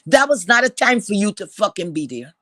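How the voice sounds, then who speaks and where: Woman commentator, bright edgy tone, blunt and foul-mouthed, hammering rhetorical questions. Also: mid-range voice, sing-song, brisk, no echo. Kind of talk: heated opinion rant.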